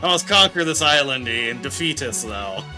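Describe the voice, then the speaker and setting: A man's voice: mid-range voice, expressive, normal speed, natural voice. A man voicing a pompous, scheming male minion who speaks in theatrical mock-old English with pirate flourishes. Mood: grandiose. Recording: faint game music behind.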